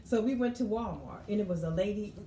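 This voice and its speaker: In a laid-back podcast she co-hosts, this woman tells stories in a mellow, medium-pitched voice at a quick clip, laughing frequently and repeating herself as she warms up. There's a roomy echo and faint noise behind her.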